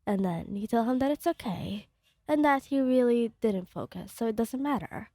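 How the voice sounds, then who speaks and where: A woman reading her own fan fiction story aloud in a soft, unhurried storytelling manner, sometimes close to a whisper. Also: on the high side, animated, no room sound.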